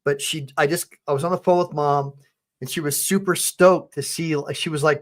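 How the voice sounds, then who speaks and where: A man's voice: a little high, steady tone, a little fast. A middle-aged man hosting a livestream, rambling casually and talking straight to his viewers, his eyes watering from allergies. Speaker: host.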